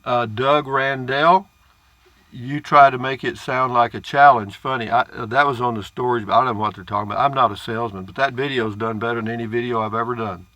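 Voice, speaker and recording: A man's voice: mid-range voice, fairly even intonation, fairly quick, pushed and bright, dry recording. An older man, chatting casually to camera as he reads out viewer comments in a folksy, rambling way. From Central Texas. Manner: folksy, rambling, chuckles at his own jokes. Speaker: vlogger reading viewer comments.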